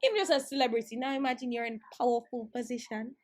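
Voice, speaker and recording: A woman's voice: on the high side, fast talker. A young woman vlogging in a rambling, emotional monologue, frustrated and swearing as she talks.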